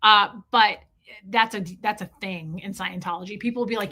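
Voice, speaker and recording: A woman from the US Midwest chatting fast on a live stream, telling stories, swearing, and reading chat names. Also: medium pitch, sharp tone, slight background noise. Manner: fast-talking, swearing, laughing storyteller.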